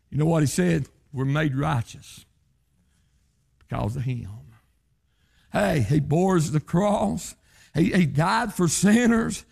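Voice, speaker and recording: A man preaching a revival sermon, rising into shouted, chanting lines and falling back low. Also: slow pace, vocal fry, long pauses, slightly rough. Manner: chanting revival-style sermon, pitch leaping up to shouts then dropping low.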